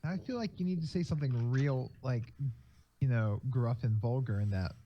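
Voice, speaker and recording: A man with an ordinary mid-pitched voice trading jokes and mild curses with friends before a game session. There is a faint hiss behind his voice. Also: normal speed, highs cut off. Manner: teasing, swears casually. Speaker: tabletop game player. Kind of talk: casual pre-game chat.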